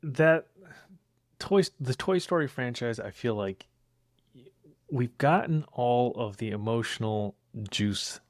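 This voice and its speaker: A man's voice: mid-range voice, expressive, takes it slowly, dry recording, clean studio sound. A young man co-hosting a casual podcast, laid-back and hesitant, full of ums. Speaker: podcast co-host.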